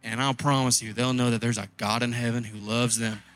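A man's voice: mid-range voice, little pitch movement, a little fast, a bit bright, soft background music. A man preaching a conversational sermon as a pastor, pressing his points by repeating key phrases.

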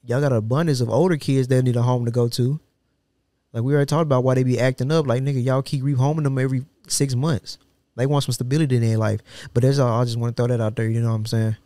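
A man's voice: medium pitch, steady tone, fast talker, warm tone, dry recording. Guy cohosting a podcast, jokey and slangy, laughs a lot, dry close mic. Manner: joking, laughs often, slangy. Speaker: podcast co-host. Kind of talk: casual chat. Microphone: studio podcast mic.

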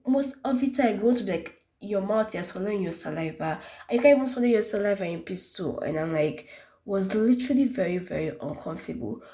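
Young Nigerian woman, lowish voice, solo podcast host, rambling casual chat with lots of "like". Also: a little mellow. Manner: rambling, repeats herself, many "like" fillers.

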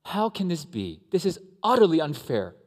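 A man voicing a furious, resentful older brother who shouts indignant complaints in a sermon. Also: fairly high pitch, wildly swooping pitch, normal speed, pitched above the performer's own voice. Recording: echoey hall.

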